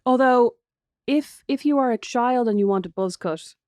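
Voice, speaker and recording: A woman in her thirties with an Irish accent co-hosting a casual podcast chat with her sister, an animated storyteller who does voices. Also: on the high side, normal speed, no echo, studio quality. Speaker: podcast co-host.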